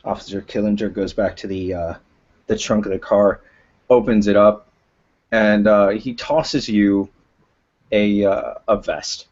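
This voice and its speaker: A man's voice: lowish voice, fairly even intonation, darkish tone. Guy game-mastering a tabletop rpg, lots of uhs, dull muffled recording. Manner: slow, hesitant narration with many fillers. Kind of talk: narrating a tabletop role-playing game.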